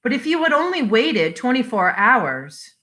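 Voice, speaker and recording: Woman reading a puzzled wife, short questions, bright tone, slow. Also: fairly high pitch, big pitch swings, pitched above the performer's own voice, full character voice. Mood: startled. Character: startled middle-aged wife, puzzled and doubtful.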